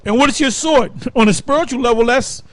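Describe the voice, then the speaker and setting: A man leading a Bible study, preaching in an animated, emphatic way and laughing between points. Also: extremely high pitch, brisk. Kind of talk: fiery preaching commentary.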